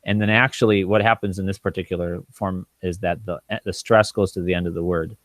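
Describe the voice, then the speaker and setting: A man teaching biblical Hebrew in a casual, thinking-aloud way, often pausing with ums and restarting words, and sounding out Hebrew slowly. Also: sits low, steady tone, no echo. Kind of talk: informal teaching walkthrough.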